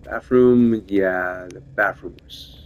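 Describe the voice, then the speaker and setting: A man with a fairly low voice talks his way through a game. His tone is dry and wry, and he often mutters to himself. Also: slow. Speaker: gameplay video creator. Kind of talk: casual gameplay commentary.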